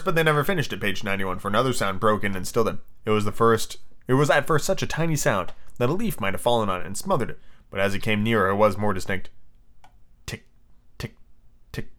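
A man hosting a casual podcast, reading a children's novel aloud and chatting excitedly about it. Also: on the low side. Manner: animated, chatty, reacting loudly to the story. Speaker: podcast host.

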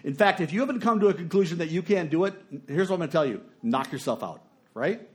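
Middle-aged male preacher with a fairly high voice; storytelling sermon that moves between quiet and emphatic. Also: animated, fast talker.

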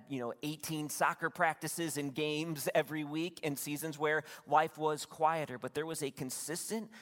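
A man preaching a sermon as pastor, retelling a Bible story in lively, conversational storytelling and acting out the voices. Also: medium pitch. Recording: long hall reverb.

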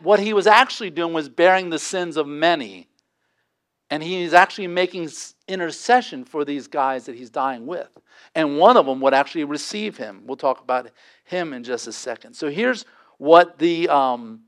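Dynamic male preacher, fairly high voice. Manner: dynamic preaching, dropping to quiet intensity. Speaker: pastor. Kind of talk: sermon.

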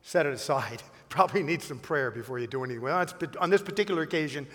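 A man's voice: fairly high pitch, expressive, fast, fairly bright tone, big-room sound. A man who is a pastor, preaching a sermon emphatically with rhetorical questions and a personal story.

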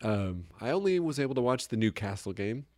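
A man with a low voice chats casually as a podcast co-host, joking and rambling. His pitch moves a lot as he talks. The sound is close and dry. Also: big pitch swings, fairly quick, a little mellow, no echo. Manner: joking, rambling, laughs often. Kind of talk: casual chat. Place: Chicago area.

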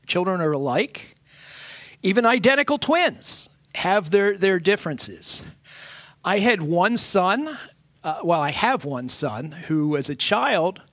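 A middle-aged man preaching a sermon as pastor, earnest and halting, often restarting his phrases. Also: sits high, a bit bright, no echo.

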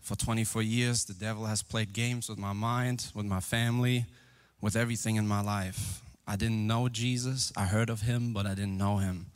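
Young man in his twenties, lower voice, candid church testimony. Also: steady tone, moderate pace, smooth. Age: 20s. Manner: earnest, candid storytelling. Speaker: guest giving testimony. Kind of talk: personal testimony. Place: church, live.

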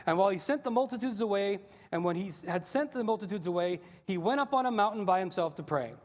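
A male pastor preaching a sermon, animated and acting out the voices in the story. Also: high-pitched, quick pace. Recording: long hall reverb.

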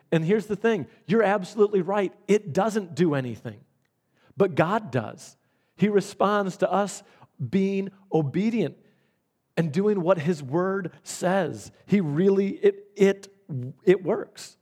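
Earnest male preacher, slightly high voice. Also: darkish tone. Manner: earnest, storytelling with many restarts. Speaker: pastor. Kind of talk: sermon with personal story.

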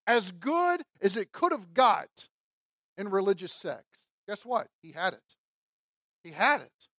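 A woman preaching a verse-by-verse sermon in an emphatic, conversational way, firing rhetorical questions at her listeners. Her voice sits at an ordinary middle pitch and sounds close and dry, with no room echo. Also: very animated, takes it slowly, a bit bright. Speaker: Bible teacher. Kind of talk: expository sermon.

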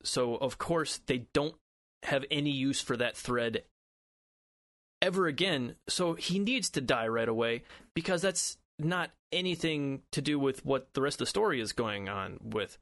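A man's voice: mid-range voice, lively intonation, measured pace, a bit bright, no room sound. Blunt male co-host, dry mic. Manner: argumentative, talks in quoted asides, swears casually. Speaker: podcast co-host. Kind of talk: casual chat.

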